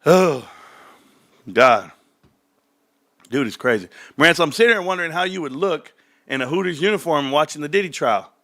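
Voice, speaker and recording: A man's voice: on the high side, expressive, fast, pushed and bright. A man ranting casually about stocks, joking and mocking others, now and then mimicking them in put-on voices. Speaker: stock commentary YouTuber.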